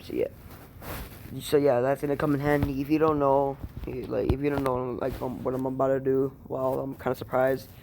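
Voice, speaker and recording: A man's voice: medium pitch, flat delivery, moderate pace, gravelly, a little mellow, slight background noise. Rambling, cussing man retelling a story. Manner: rambling, profane, heavy with fillers. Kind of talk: casual fan-story retelling. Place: room at home.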